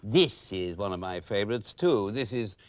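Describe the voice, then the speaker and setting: A man playing a fast-talking, pushy salesman who sells voices, in a children's puppet show, with loud-to-hushed patter. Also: lowish voice, lively intonation, no echo, close to an everyday voice. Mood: boastful.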